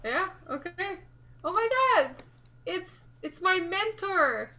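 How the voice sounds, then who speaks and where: High, bright-voiced woman playing a tabletop game. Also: animated, slow, rough recording. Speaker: player. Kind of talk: tabletop role-play.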